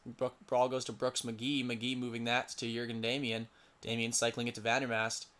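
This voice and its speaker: A man's voice: medium pitch, completely flat delivery, normal speed, fairly bright tone. A young man doing casual solo play-by-play for a simulated lacrosse game, stumbling over player names and muttering asides to himself.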